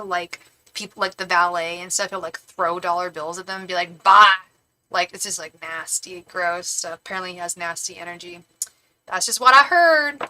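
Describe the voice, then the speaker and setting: Chatty bright-voiced woman tarot reader. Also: medium pitch, rough recording. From California. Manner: chatty, rambling, frequent restarts. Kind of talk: live-stream reading chat.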